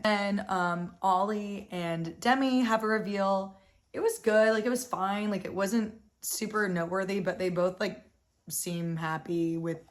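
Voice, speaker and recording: A young woman hosting a casual reality-show recap, animated and exasperated, full of "like" and swearing freely. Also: mid-range voice. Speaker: recap host.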